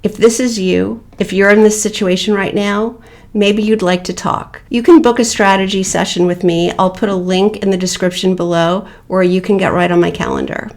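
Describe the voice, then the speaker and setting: A woman giving calm, measured advice as a divorce coach in an online video, with deliberate pauses. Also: mid-range voice, gravelly.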